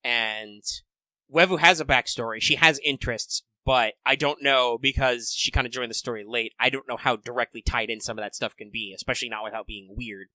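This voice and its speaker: A man in casual chat who talks in a thoughtful, measured way, with some hesitation. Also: mid-range voice, steady tone, bright, forceful tone, no room sound.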